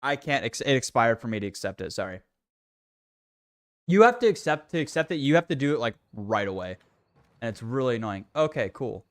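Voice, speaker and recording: A man's voice: medium pitch, sing-song, a little fast. A young man livestreaming a video game, ranting and swearing in exasperation while talking casually to his viewers.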